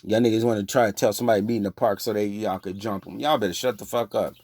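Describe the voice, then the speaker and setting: Preaching online at a quick pace with a steady tone and no echo, a religious preacher rants heatedly and profanely at his listeners in a confrontational scolding. When he gets agitated, his voice rises louder and higher.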